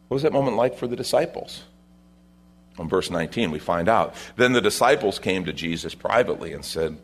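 A man's voice: on the low side, lively intonation, brisk. A male pastor preaching a sermon in a conversational way, with asides to the congregation.

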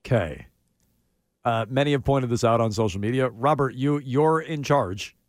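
A man's voice: mid-range voice, normal speed, no echo, clean studio sound. A man co-hosting a sports talk show, sarcastic and jokey in casual banter. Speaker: sports radio co-host.

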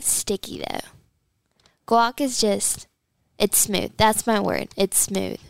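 A woman's voice: mid-range voice, fairly even intonation, takes it slowly, vocal fry, pauses often, no room sound. A woman co-hosting a casual studio chat, bubbly, giggly and easily flustered. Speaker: co-host.

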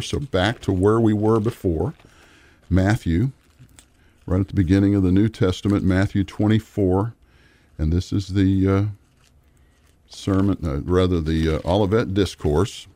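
A man's voice: sits low, dark tone, no echo. A middle-aged man teaching the Bible on a radio program, guiding listeners through passages and reading verses aloud.

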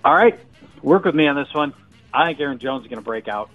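A man's voice: a little high, animated, fast talker, dull audio, faint music behind. Joking, chatty male fantasy football analyst. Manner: joking, thinks aloud with many restarts. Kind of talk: casual sports radio chat.

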